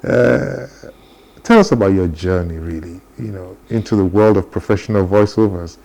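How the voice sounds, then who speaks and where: A man's voice: sits low, moderate pace, gravelly, a little mellow. A man hosting a morning TV show, chatty and playful as he interviews a guest. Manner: chatty, playful, laughs often. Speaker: TV talk show host.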